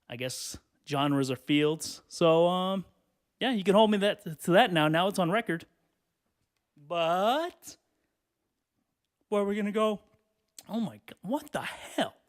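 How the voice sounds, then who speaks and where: A man hosting a solo podcast from a hot bedroom, rambling casually with lots of swearing and filler, a little out of breath and clearing his throat. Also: a little high. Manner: rambling, profane, lots of "you know". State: out of breath and sweaty, standing. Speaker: podcast host.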